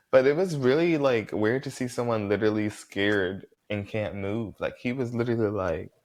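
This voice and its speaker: A man casually recapping a reality show episode, blunt and profane, with lots of "like" fillers and animated reactions. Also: lowish voice, normal speed.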